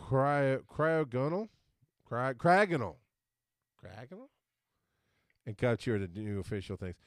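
Middle-aged male co-host, smooth resonant voice, dry close sound, rambling casual chat. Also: mid-range voice, moderate pace, no room sound. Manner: rambling, stumbles over words, animated when amused. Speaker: podcast co-host.

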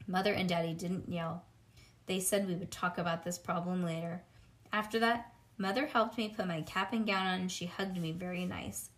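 Woman reading a kids book out loud, lively, kinda childlike. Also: lowish voice, normal speed. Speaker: reader. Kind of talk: storybook reading in child's first person.

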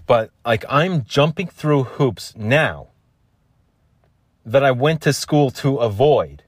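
A man's voice: mid-range voice, lively intonation, takes it slowly, pauses often, breathy edge, dry recording, clean studio sound. A man hosting a podcast alone, complaining in a frustrated, casual rant, swearing and repeating himself. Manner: swears often, calls listener man and dude. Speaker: podcast host.

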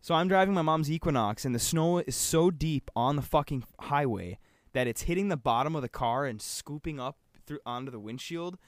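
Swearing young man telling a lively story. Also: fairly high pitch, normal speed, no echo, clean studio sound. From Upper Peninsula of Michigan. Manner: animated, swears a lot, acts out quotes. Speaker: podcast co-host. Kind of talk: casual storytelling chat.

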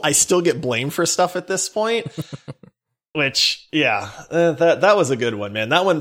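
A man from Louisiana telling a story in casual podcast chat, laughing and acting out quotes loudly. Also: a little high. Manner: animated, laughs through his story, acts out quotes loudly.

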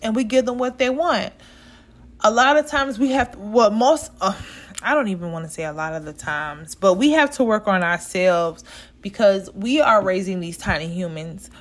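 A woman's voice: mid-range voice, moderate pace. A woman from the States, hosting a casual podcast monologue and talking straight to her listeners. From Southern United States. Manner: chatty and direct, talks straight to listeners as "y'all". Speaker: podcast host.

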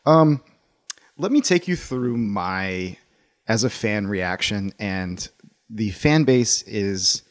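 A man's voice: lowish voice, no room sound, studio quality. A man co-hosting a sports podcast, talking in a casual, opinionated and rambling way, with frequent restarts.

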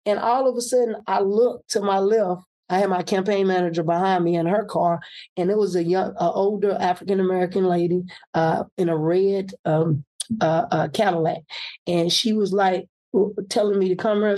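A man, a political candidate telling a personal story in an animated way and acting out the voices he quotes. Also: high voice, normal speed.

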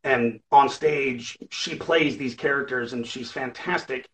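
A man's voice: medium pitch, measured pace, fairly bright tone, poor audio. A man, a musician guest, chatting casually in an interview and rambling with lots of fillers and acted-out quotes.

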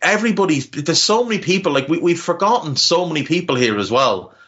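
Bright-voiced Irish man with a Navan accent. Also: fairly high pitch, lively intonation, fairly quick, dull audio. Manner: rambling, heartfelt, swears casually. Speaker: podcast host. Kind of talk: casual podcast chat.

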